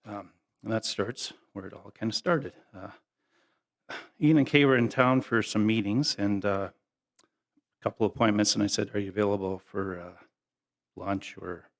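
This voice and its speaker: A middle-aged man giving a memorial speech, telling folksy, humorous stories in a casual, halting way. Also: on the low side, vocal fry. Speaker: family member giving a eulogy.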